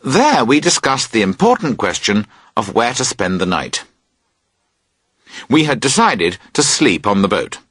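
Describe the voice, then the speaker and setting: A man narrating a graded-reader story aloud, expressive and putting on voices. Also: mid-range voice, a little slow, breathy edge, no room sound, studio quality. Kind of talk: audiobook reading of a graded reader.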